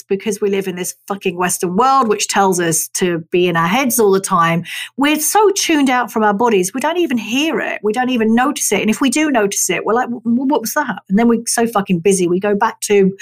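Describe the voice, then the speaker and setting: A woman's voice: mid-range voice, animated, normal speed. A woman in her forties or older hosting a podcast, talking frankly in a sweary monologue with frequent laughs, acting out her past thoughts. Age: 40s or older. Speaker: podcast host. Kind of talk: candid solo podcast monologue.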